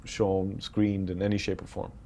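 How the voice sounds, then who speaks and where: A man's voice: low voice, moderate pace, a little hiss or hum. A man from the United Arab Emirates, a film director in his thirties, telling anecdotes in a casual interview and acting out what others said. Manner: animated, quotes others while telling anecdotes.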